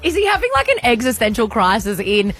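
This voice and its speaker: A woman co-hosting a casual chat, asking quick questions and teasing playfully. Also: a little high, wildly swooping pitch, fairly bright tone. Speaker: co-host.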